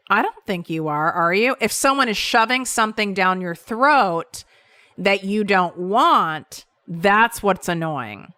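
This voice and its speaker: A woman hosts a solo business-coaching podcast in a lowish, smooth voice with a sharp tone and no echo. Her motivational talk is casual, emphatic and blunt, with some swearing.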